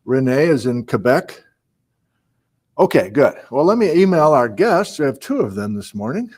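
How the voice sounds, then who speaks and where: A man's voice: medium pitch, sing-song, moderate pace, darkish tone. A man hosting a live-streamed program, chatting casually, greeting viewers and reading out their hometowns, with frequent fillers and asides. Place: small indoor room on a college campus.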